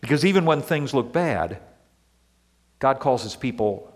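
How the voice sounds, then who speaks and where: A male pastor preaching a sermon in an earnest, deliberate way, leaning on repeated words, in a church sanctuary. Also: mid-range voice, lively intonation. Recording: long reverb of a large hall.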